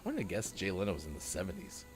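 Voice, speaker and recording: Man hosting a morning show, lively up-and-down delivery, jokey, faint music underneath. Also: low voice, fast. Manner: jokey, self-mocking. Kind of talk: casual chat, reading birthdays.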